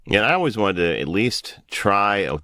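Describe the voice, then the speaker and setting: A man co-hosts a podcast, chatting in a relaxed, animated way. His voice sits low and moves through a lively melody. The recording is close and dry. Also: normal speed, no echo. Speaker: podcast co-host. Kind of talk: casual chat.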